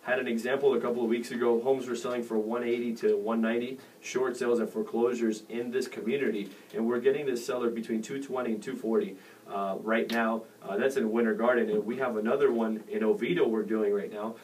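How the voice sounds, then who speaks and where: A man's voice: medium pitch, fairly even intonation, fast, darkish tone. Distant-sounding man giving real estate tips. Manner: rambling with many fillers and restarts. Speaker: real estate radio show host. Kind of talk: casual radio advice talk. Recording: distant mic with faint noise.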